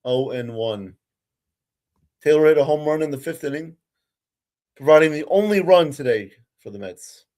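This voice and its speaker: A man's voice: fairly high pitch, animated, normal speed, pauses often, a little mellow. A young man doing amateur live play-by-play of a baseball game as a frustrated, ranting fan who curses now and then.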